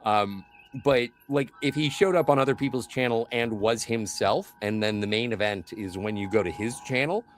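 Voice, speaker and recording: A man chatting casually as a podcast co-host, animated, often slipping into quoted voices. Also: mid-range voice, moderate pace, a little hiss or hum. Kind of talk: casual conversational chat.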